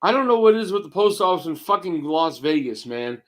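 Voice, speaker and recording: A man in his fifties with a slightly high voice, talking in a gruff, rambling way. He restarts his sentences and swears freely as he co-hosts a casual chat. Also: very animated, brisk. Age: 50s. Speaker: co-host.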